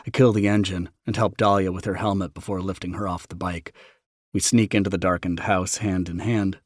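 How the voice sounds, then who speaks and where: A man narrating a romance audiobook in the first person, tender and unhurried. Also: deep voice, no room sound, clean studio sound.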